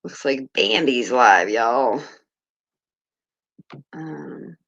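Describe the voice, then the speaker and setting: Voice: mid-range voice, expressive, drawn-out words, vocal fry, fairly bright tone, highs cut off. A livestream host chatting casually, rambling and distracted, swearing offhand while sorting out links. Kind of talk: casual commentary chat.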